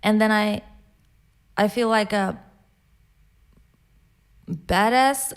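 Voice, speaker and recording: A woman's voice: medium pitch, drawn-out words, smooth. A young woman hosting a casual podcast chat who laughs and swears through her own stories. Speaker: podcast host.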